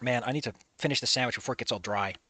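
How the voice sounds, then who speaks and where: A streamer giving animated, swear-filled commentary while playing through a story game. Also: medium pitch, rapid-fire, a little hiss or hum. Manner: animated, swearing, laughing often.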